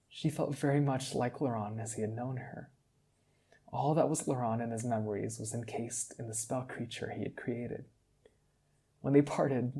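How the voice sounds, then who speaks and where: A man narrates a fantasy tale in a calm, measured reading voice. His tone is dark and mellow, with a husky, slightly breathy texture. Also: medium pitch. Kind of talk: storytelling narration.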